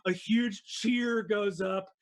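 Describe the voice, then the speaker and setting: A man narrating as dungeon master, animated and excitable, with plenty of fillers and restarts. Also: sits high, takes it slowly, creaky, a little hiss or hum. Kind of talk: narrating a tabletop game.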